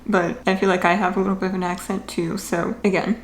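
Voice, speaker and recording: A young woman talks through clips in a relaxed, chatty way, thinking out loud and hedging as she goes. Her voice sits at an ordinary middle pitch. The room has a noticeable echo and a faint hum underneath. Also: quick pace. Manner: chatty, thinking aloud with fillers. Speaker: reaction video host. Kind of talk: casual commentary on clips.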